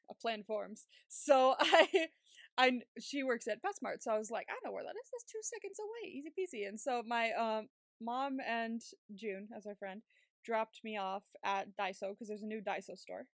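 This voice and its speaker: A woman's voice: medium pitch, dry recording. Chatty young woman, dry close mic. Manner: chatty, swears freely, laughs often, many fillers. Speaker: podcast co-host. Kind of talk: casual storytelling chat.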